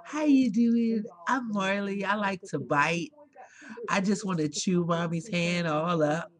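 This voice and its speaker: A woman's voice: on the low side, unhurried, lightly acted. A woman speaking as her playful pet, who brags that he likes to bite, in cheeky baby talk on a home webcam video. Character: playful biting little male pet. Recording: TV chatter in background.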